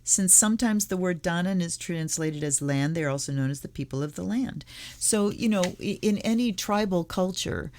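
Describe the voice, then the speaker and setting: Soft-spoken woman reading card blessings. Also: fairly low pitch, lively intonation, a little hiss or hum. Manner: reads slowly and softly, some card titles half-whispered. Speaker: tarot channel host. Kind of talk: casual unboxing, reading aloud from a card deck and guidebook.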